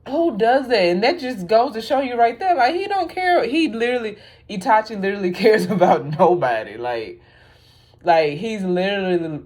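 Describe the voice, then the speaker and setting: Female vlogger, low voice, casual rambling chat with fillers and laughs. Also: a little mellow. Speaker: vlogger reacting to an anime.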